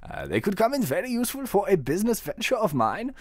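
A man putting on a guard captain with a comic German accent, pitched up from his own voice. He sounds stiff and mock-formal, with a dry close sound. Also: very animated, fast, no room sound.

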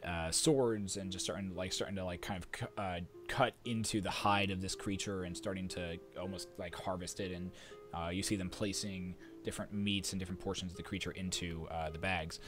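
A man narrating a tabletop game as game master, often restarting sentences and filling pauses. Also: sits low, fairly even intonation, over music. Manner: rambling with many restarts and fillers.

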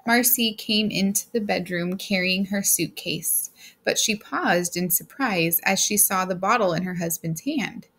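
A woman reading a short story aloud as a steady, plain narrator. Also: mid-range voice, measured pace. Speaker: audiobook reader. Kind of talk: scripted narration.

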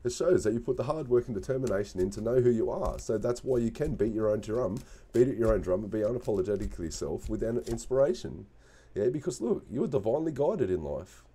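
A man's voice: fairly low pitch, lively intonation, fast talker, mellow, slightly rough. A man giving a casual spoken tarot reading, earnest and encouraging, repeating himself and restarting phrases. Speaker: tarot reader.

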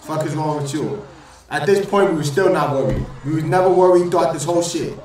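A man hosting a basketball reaction video, talking loud and profane trash talk and repeating his lines. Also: fairly high pitch, a little fast, heavy reverb, distant mic, rough recording. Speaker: reaction channel host. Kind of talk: excited basketball reaction commentary.

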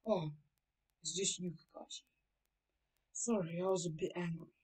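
A woman's voice: lowish voice, fairly even intonation, normal speed, darkish tone, husky, far from the mic. A woman storyteller voicing an angry, rude boy ninja who talks in a curt, dismissive way. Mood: sheepish.

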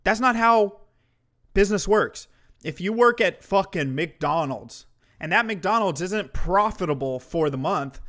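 Dude with a slightly high voice ranting on stream, swearing a lot, sarcastic and heated. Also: male voice, animated, unhurried, a bit bright. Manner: heated, profane, mocking. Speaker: streamer commentator. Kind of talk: ranting commentary to a live chat.

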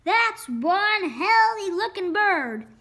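A woman voicing a boastful male football coach in a storybook reading, slow and loud. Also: very high-pitched, sing-song, full character voice. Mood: proud.

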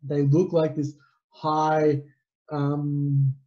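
A man's voice: on the high side, monotone, drawn-out words, muffled recording. A man teaching a physics lesson, explaining in a conversational, rambling way with fillers. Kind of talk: recorded classroom lecture.

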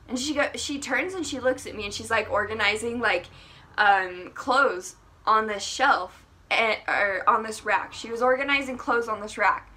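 A young woman recounts a personal story in a casual storytime vlog. Her voice sits fairly high and sounds bright and crisp. She is animated, laughs often and fills her sentences with "like.". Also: moderate pace. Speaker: vlogger.

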